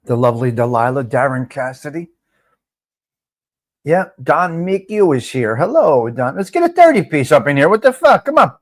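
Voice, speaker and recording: Man, live-stream host, high voice, loud, swearing, chatty. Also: sing-song, normal speed. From North Jersey. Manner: loud, profane, talks to viewers by name. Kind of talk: casual live-stream chat.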